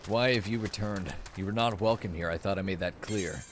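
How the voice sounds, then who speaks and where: A man reading aloud the lines of a stern old male tribal elder from a game, in a low, even voice. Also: fairly quick, slight background noise, close to an everyday voice.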